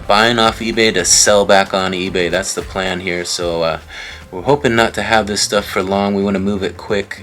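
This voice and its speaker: A man casually showing and describing his thrift finds to viewers in a loose, rambling way, with lots of filler words. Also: low voice. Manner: relaxed, rambling, frequent "uh" fillers. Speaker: online reseller. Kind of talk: casual show-and-tell vlog.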